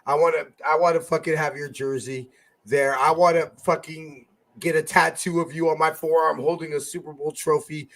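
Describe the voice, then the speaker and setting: A man co-hosting a casual sports fan podcast, profane and excitable, swinging between loud bursts and mutters. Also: fairly high pitch, normal speed. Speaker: podcast co-host.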